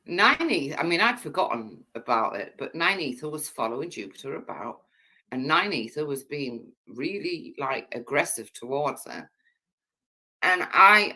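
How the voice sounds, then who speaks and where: A woman's voice: deep voice, bright, forceful tone, slightly rough. A woman in a played clip recounting something that happened, telling it hesitantly and with restarts.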